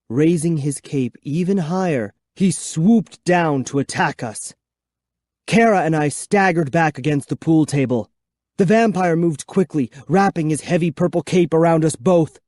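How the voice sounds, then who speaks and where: A man reading a children's horror book aloud in first person, with a measured, suspenseful delivery. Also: a little high, warm tone, dry recording, clean studio sound. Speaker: audiobook narrator. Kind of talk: scripted first-person narration.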